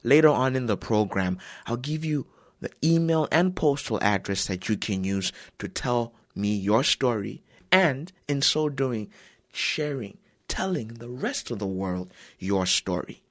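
A man's voice: medium pitch, lively intonation, unhurried, no echo, studio quality. A man hosting a Christian radio program and speaking directly to his listeners. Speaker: radio host.

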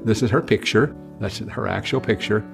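A man's voice: fairly low pitch, normal speed, gravelly. An older man preaching an evangelistic sermon, with earnest, pleading appeals to the listener. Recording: music playing behind.

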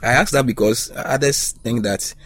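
A man's voice: mid-range voice, moderate pace, fairly bright tone, slight background noise. A man hosting a panel discussion on Bible study, asking questions and prompting the panelists. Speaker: host.

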